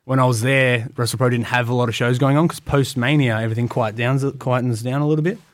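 A young Australian man chatting on a podcast, talking quickly and slipping into other people's voices as he tells his stories. His voice sits at an ordinary pitch, recorded dry and close. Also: fairly even intonation, dry recording. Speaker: guest wrestler. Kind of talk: casual podcast interview.

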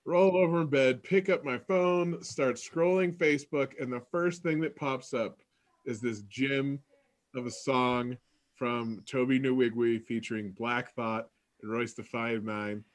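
A man co-hosting a podcast in casual chat, telling a story with animated enthusiasm. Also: medium pitch, a little slow. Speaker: podcast co-host.

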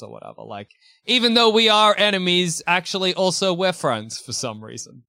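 A man chatting casually on a podcast, animated and quick to laugh, often slipping into mock voices. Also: a little high, no echo, clean studio sound.

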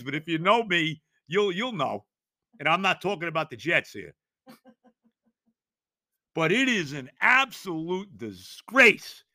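Fired-up ranting man, bright and sharp. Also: a little high, no echo, clean studio sound. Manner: exasperated, ranting, stammering restarts, bursts of shouting. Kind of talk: sports talk rant.

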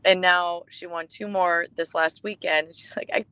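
A woman co-hosting a podcast, telling stories in casual chat, warm and emotional, with many restarts. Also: fairly low pitch, steady tone, normal speed, clear, resonant tone, no room sound, poor audio. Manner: chatty storytelling with restarts, emotional. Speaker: podcast co-host.

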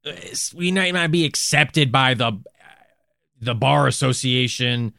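A man's voice: mid-range voice, unhurried, vocal fry, no room sound, studio quality. A man co-hosting a comedy podcast, riffing and laughing through improvised banter. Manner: laughing, animated, jokey. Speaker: podcast co-host.

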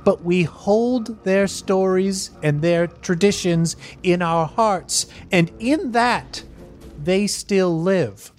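A game master narrating a tabletop game in a measured, ceremonial way. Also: medium pitch, faint music behind. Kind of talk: slow, solemn in-world narration for a tabletop game.

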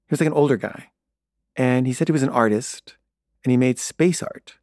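Male storyteller, mid-pitched, casual anecdotal delivery, dry close recording. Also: normal speed, a little mellow, no echo. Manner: casual, conversational, retells dialogue with "I was like". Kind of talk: personal storytelling.

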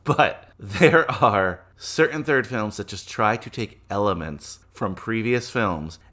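A man telling rambling, animated stories about films in casual podcast chat, laughing often. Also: on the low side, slow. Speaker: podcast guest.

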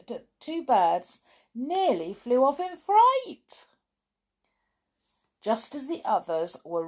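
A woman reading a children's book aloud, expressive, with chatty asides. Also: mid-range voice. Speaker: storybook reader.

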